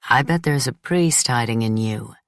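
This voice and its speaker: A woman voicing a teasing, ironic young man in an audiobook, pitched well below her own already low voice. He sounds a little different from the narrator, dry and close, with a sneer under every line. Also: moderate pace, no echo. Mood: mocking. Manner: teasing, sarcastic. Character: mocking, ironic young man, quick-witted. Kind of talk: audiobook character voice.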